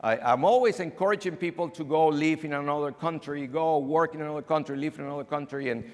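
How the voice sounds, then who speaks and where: A man's voice: fairly high pitch, fast talker. A man from abroad giving a conference talk, telling stories and acting out the people in them. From outside the US. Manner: animated storyteller acting out dialogue. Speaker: keynote speaker. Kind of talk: conference talk with acted anecdotes. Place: banquet hall. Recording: long hall reverb.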